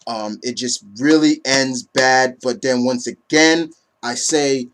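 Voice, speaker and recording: A man giving a casual comic book review in an excitable, profane, ranting way. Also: medium pitch, slow pace, a little hiss or hum. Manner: excitable, swearing, animated rants.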